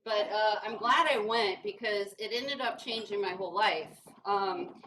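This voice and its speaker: A woman's voice: medium pitch, unhurried, bright, forceful tone. A woman from rural Kentucky giving a humorous talk to an audience, telling stories in a self-deprecating way. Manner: joking, self-deprecating storytelling. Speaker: guest speaker. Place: brewery event room, indoors. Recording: distant mic with faint noise.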